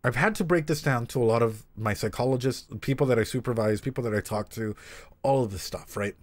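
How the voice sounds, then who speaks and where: A young man who works as a therapist, chatting casually to his stream viewers while reacting to anime, animated and swearing freely. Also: mid-range voice, brisk.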